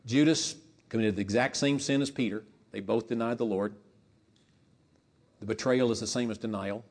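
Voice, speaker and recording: A man preaching a sermon with impassioned delivery, rising to emphatic peaks and dropping low, leading a spoken prayer. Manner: leads a spoken prayer to God.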